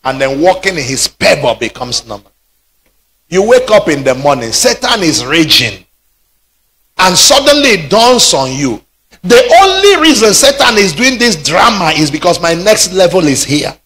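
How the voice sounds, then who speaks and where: High, lively shouting pastor. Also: male voice, normal speed. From Nigeria. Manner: preaching with shouted peaks. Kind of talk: sermon.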